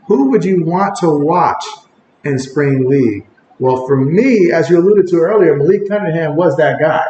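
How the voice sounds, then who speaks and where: A man hosting a casual sports livestream, reading viewer comments aloud and calling the plays, getting excited when the action picks up. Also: fairly high pitch, dull audio. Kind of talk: casual play-by-play and chat reading. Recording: echoey room with faint ambient noise.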